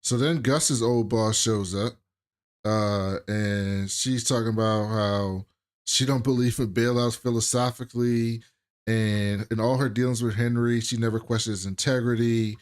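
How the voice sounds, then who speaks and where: A man's voice: mid-range voice, steady tone, unhurried, clean tone. Casual man recapping a TV episode. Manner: loose, profane retelling of scenes. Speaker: podcast co-host.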